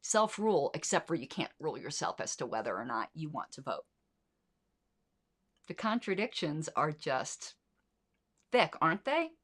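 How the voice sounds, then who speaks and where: A middle-aged woman delivers opinionated solo commentary in a fairly low voice. She sounds indignant and sarcastic, with frequent swearing and pointed rhetorical questions. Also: big pitch swings, moderate pace, long pauses. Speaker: podcast host.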